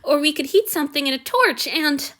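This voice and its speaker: A woman's voice: sits high, sing-song, measured pace, a bit bright, voice pushed up, heavily acted. A woman reading aloud, voicing a meek, devoted young male servant who pleads and abases himself. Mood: eager. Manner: pleading, self-abasing. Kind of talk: audiobook reading.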